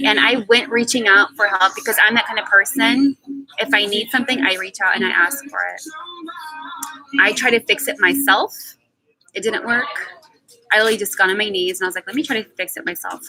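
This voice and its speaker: A woman's voice: medium pitch, low-quality recording. A woman in her twenties speaking in a candid personal monologue on a live stream, emphatic and blunt, swearing freely and repeating words for stress. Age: 20s.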